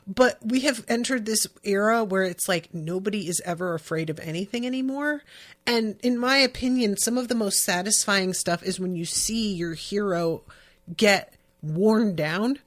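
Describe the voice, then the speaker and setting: A woman's voice: medium pitch, fairly bright tone. A woman hosting a podcast, talking casually about a book and reading passages aloud with chatty asides. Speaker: podcast host.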